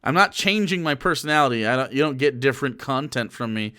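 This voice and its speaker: A man streaming casual commentary into a microphone, loose and profane, swinging between muttered asides and loud rants. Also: mid-range voice, expressive, fast.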